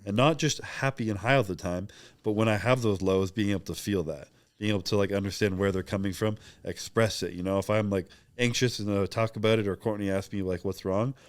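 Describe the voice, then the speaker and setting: A man's voice: lowish voice, fairly even intonation, a little fast, no room sound. A young man talking openly and reflectively as a podcast guest, rambling with many fillers in casual interview chat.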